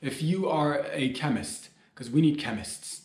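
A man's voice: fairly high pitch, lively intonation, a little slow, roomy sound, noisy background. A man hosting a solo comedy podcast, rambling and joking as he talks straight to his listeners.

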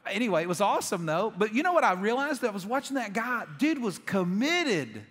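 A man's voice: high-pitched, big pitch swings, fairly quick, a bit bright. A man preaching a sermon as pastor, telling stories in a jokey, conversational way. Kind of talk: humorous sermon. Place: church auditorium. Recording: long reverb of a church hall.

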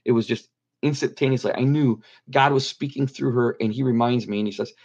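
Earnest middle-aged man, mid-pitched, slightly muffled interview audio, repeats himself for emphasis. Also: fairly even intonation, brisk, a little mellow. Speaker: guest telling his near-death story. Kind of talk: personal testimony in an interview.

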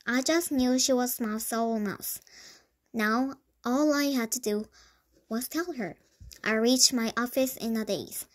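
A woman reads a children's storybook aloud in a lively way, sometimes tripping over a word. Her voice sits a little high. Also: takes it slowly. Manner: lively storytelling with small stumbles. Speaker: storybook reader. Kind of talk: reading a children's book aloud.

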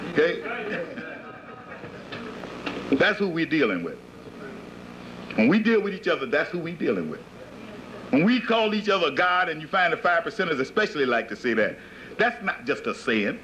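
A man's voice: high voice, sharp tone. A man preaching to followers, emphatic and repetitive, firing rhetorical questions at them, on a dull 1980s tape with faint hiss. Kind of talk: sermon-like lecture to followers.

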